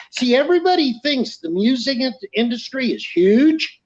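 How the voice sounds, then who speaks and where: High-voiced animated man. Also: normal speed, muffled recording. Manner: animated storyteller acting out quoted dialogue. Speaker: podcast guest. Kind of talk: casual storytelling.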